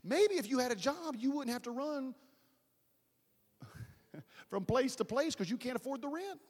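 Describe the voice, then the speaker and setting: A male pastor preaching a sermon in a large church hall, fervent and dramatic, swinging from loud to hushed, with folksy asides to the congregation. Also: extremely high pitch, animated, unhurried, slightly rough. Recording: long church reverb.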